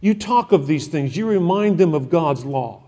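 Male preacher, high mellow voice, insistent repetition, sermon with long hall echo. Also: lively intonation, normal speed. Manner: emphatic, repetitive exhortation.

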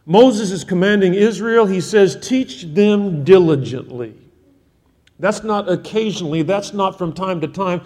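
Emphatic preacher in a reverberant hall. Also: male voice, high-pitched, moderate pace, hardly any pauses, a little mellow. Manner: emphatic, repetitive exhortation. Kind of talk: sermon.

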